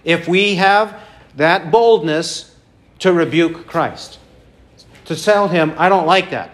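Preacher guy, slow and emphatic, lots of questions, higher voice. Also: a bit bright. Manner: questioning, emphatic, repeats key phrases. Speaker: pastor. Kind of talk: sermon.

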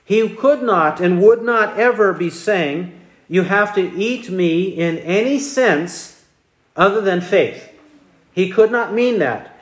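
A man's voice: high voice, roomy sound. A man preaching an expository sermon, emphatic, with rhetorical questions and repeated key phrases.

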